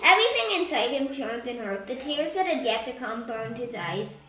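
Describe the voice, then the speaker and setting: A woman reads a story aloud with lively storybook narration, now and then stumbling and correcting herself. Her voice is high and bright. It is recorded in a room with a clear echo. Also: normal speed. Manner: lively reading with small stumbles. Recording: echoey room.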